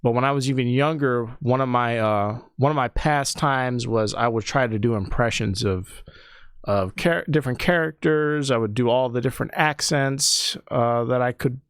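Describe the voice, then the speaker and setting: A man's voice: medium pitch, normal speed, clear, resonant tone, no room sound, studio quality. A young man, a comedian hosting a podcast, talking in a rambling, thoughtful way with frequent restarts. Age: young adult. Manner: rambling, self-correcting, thoughtful. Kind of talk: casual podcast chat.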